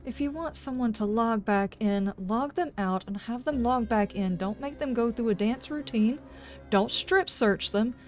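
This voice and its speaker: A woman's voice: on the high side, unhurried, faint music behind. Exasperated woman ranting on stream. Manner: exasperated ranting with sarcastic asides. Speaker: game streamer. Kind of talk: casual livestream chat.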